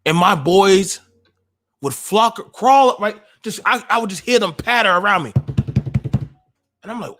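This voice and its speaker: A man, hosting a livestream and delivering an emotional, preachy monologue that rises to shouts. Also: high-pitched, animated, measured pace, pauses often. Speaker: podcast host.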